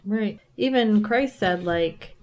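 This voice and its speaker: Candid, animated woman guest. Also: mid-range voice. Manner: animated, candid, quick to laugh; frequent filler "like". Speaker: podcast guest. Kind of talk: casual faith conversation.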